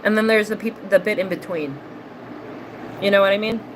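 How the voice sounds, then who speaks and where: A woman's voice: medium pitch, a little fast, background noise. Chatty woman streamer reading chat. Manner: chatty, responds to messages aloud; playful, laughs often. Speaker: livestream host reading viewer chat. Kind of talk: casual chat.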